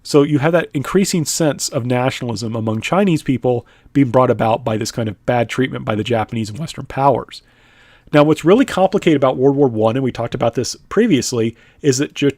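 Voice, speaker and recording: A man's voice: mid-range voice, animated, fairly quick, a little mellow, dry recording, clean studio sound. A man teaching a history lesson in a conversational lecture style. He often checks in with "right?", uses many "uh" fillers, and sometimes speaks in the voice of the people he describes.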